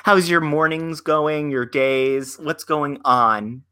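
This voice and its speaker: A man's voice: a little high, fairly even intonation, takes it slowly, bright, forceful tone, clean tone. A man co-hosting a theater talk show, chatty and rambling with asides. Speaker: podcast co-host.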